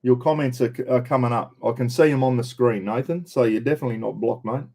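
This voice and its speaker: A man's voice: medium pitch, fast talker, mellow, slightly rough. An Australian man hosting a casual live stream, greeting viewers by name in a chatty, laid-back way. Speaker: livestream host. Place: in a caravan on the road.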